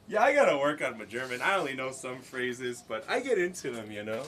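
A man's voice: mid-range voice, fairly bright tone, a little hiss or hum. A man from the United States chatting casually with viewers on a livestream while he works on craft pieces outdoors, joking and laughing often. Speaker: livestreamer making stone-look art.

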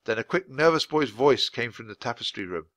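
A man reading a children's book aloud at a clear, natural pace for language learners. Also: mid-range voice, animated, fairly bright tone, no echo. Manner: clear, deliberate storytelling for learners. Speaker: audiobook reader.

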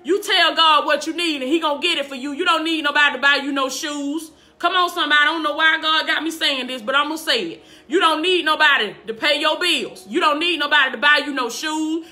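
A woman's voice: high voice, sharp tone. A woman life coach preaching casually to a live-stream audience from her home kitchen, fervent and repetitive, often laughing between praise calls. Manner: fervent, repeats praise calls and "do you understand me".

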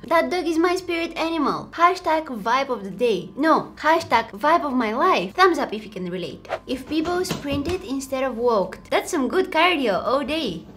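Woman host, high and expressive, chatty reaction-video delivery. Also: moderate pace, hardly any pauses, a little hiss or hum. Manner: animated, exclaiming and laughing at clips. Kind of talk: casual reaction commentary.

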